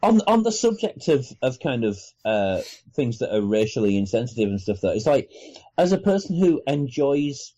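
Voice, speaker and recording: A grown man from Wales co-hosting a casual podcast, animated and hesitant, often restarting his sentences. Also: medium pitch, normal speed, muffled recording. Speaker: podcast co-host. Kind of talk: casual chat.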